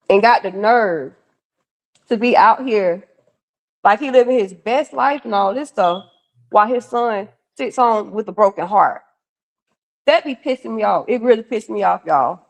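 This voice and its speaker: A woman's voice: medium pitch, gravelly. Blunt, ranting woman host. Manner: blunt, profane, ranting, addresses viewers as y'all. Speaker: livestream co-host. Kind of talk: heated casual live commentary.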